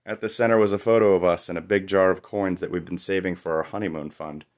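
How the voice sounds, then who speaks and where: A man's voice: sits low, fairly even intonation, quick pace. A young man narrating a first-person memoir story in a wry, confessional way.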